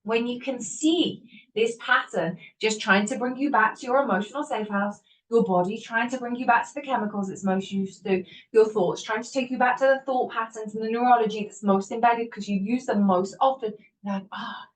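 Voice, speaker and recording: Animated woman host, somewhat distant mic. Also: a little high, moderate pace. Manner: animated, laughs often, acts out inner voices. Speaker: podcast host. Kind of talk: motivational self-help talk.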